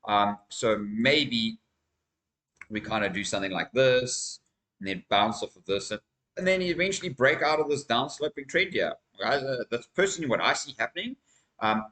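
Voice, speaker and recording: A man's voice: medium pitch, a bit bright, low-quality recording. A man hosting a crypto channel, talking through market news and charts in a casual, emphatic vlog style and calling his viewers "guys".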